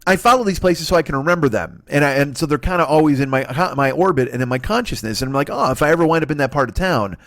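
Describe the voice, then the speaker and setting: A male comedian tears into his subject in a profane, exasperated rant, his pitch swinging wildly up and down. His voice sits high for a man, and the sound is close and dry with no room echo. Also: animated, fast, hardly any pauses, a bit bright. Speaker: comedian host.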